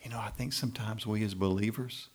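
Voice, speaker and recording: Preaching as a pastor, a man with a lowish, slightly breathy voice moves at a quick pace. He's lively and emphatic, checking in with "right?" and pushing up to loud emphasis.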